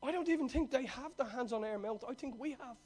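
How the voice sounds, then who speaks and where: This man preaches with an extremely high voice and talks fast, swinging between loud, excited storytelling and hushed, earnest passages. His manner is conversational and full of slang.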